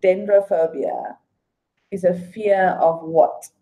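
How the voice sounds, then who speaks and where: A woman hosting a trivia night takes her time, drawing out each question and reading it again. Her voice sits at an ordinary pitch. The recording sounds dull and lo-fi. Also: fairly even intonation. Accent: non-local accent. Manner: slow, drawn-out question reading, laughing apologies, humming between questions. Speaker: trivia quiz host. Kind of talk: casual live trivia hosting.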